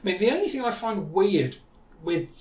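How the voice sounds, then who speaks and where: A man's voice: high-pitched, big pitch swings, moderate pace, darkish tone, slight background noise. Enthusiastic man chatting about comics. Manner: enthusiastic, acts out characters' lines. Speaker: podcast co-host. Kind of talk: casual chat about comics. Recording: echoey room.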